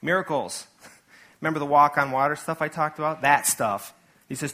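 A man's voice: a little high, moderate pace, pushed and bright. A man preaching a sermon to his church in a casual, conversational way, full of asides and acted-out quotes. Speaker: pastor.

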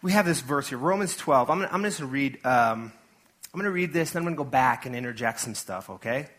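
A man's voice: medium pitch, animated, fast talker, a bit bright. A man preaching a sermon to his church in a casual, conversational way, full of asides and acted-out quotes. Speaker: pastor.

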